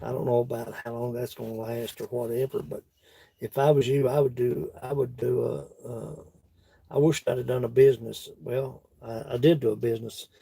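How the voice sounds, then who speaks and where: A man's voice: mid-range voice, flat delivery, normal speed, vocal fry, dark tone, husky. A man with a Kentucky accent chatting casually with his livestream viewers in a folksy, laughing country drawl. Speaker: woodworking livestream host. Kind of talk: casual chat reading live comments.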